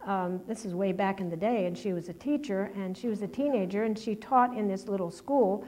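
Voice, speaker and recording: A woman's voice: medium pitch, a little fast, dark tone. A middle-aged woman preaching a personal testimony sermon, talking in a conversational, rambling way with many restarts and fillers.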